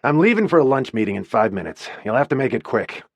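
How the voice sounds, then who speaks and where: A man's voice: mid-range voice, very animated, quick pace, breathy edge, no room sound. A male narrator voicing a sleazy, defensive office boss who talks in a curt, insinuating way.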